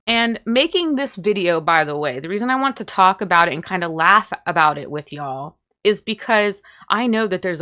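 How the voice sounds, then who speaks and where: A woman's voice: on the low side, bright, forceful tone. A young woman, candidly telling a self-deprecating story about herself and laughing as she goes. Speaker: vlogger. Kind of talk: storytime vlog.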